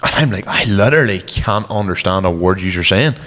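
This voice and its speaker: A man with a Northern Irish accent, hosting a podcast in fast, chatty talk. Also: sits low, lively intonation, fairly bright tone, long reverb tail, slight background noise. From Northern Ireland. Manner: fast-talking, chatty, laughs often. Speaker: podcast host. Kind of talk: casual chat.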